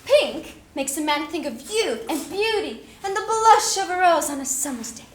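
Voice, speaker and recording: A woman's voice: very animated, moderate pace. A woman on stage playing a vain, scheming mayor's wife who shows off with fake French. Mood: pretentious. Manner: shrill, showy, pretentious, fake French phrases. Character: vain, scheming middle-aged mayor's wife, social climber. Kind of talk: stage play performance. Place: theater stage, heard from the hall. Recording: roomy theater sound from a distance, noisy.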